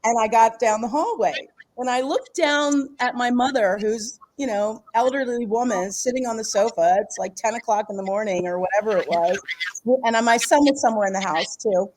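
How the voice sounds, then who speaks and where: A middle-aged woman, a guest author and healer, shares a personal story during a casual interview, her voice on the high side, a little mellow, at a normal pace. She rambles, restarts phrases, and laughs often.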